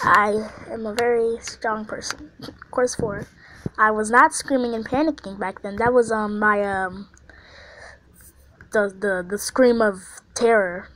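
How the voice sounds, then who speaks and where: A woman giving casual commentary over a video game, swinging between quiet mumbling and excited squeals and panicked shouts. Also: medium pitch, unhurried, poor audio. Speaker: gameplay video host.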